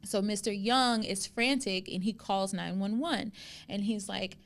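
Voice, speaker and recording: A woman's voice: medium pitch, measured pace. A woman co-hosting a podcast, telling a story in casual chat, acting out quotes and swearing freely. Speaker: podcast co-host.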